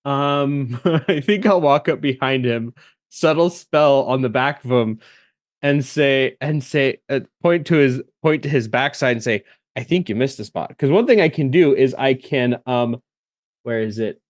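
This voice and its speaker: A man's voice: medium pitch, unhurried, no room sound, studio quality. A man playing in a tabletop game, chatty and thinking aloud while he laughs often. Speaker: player.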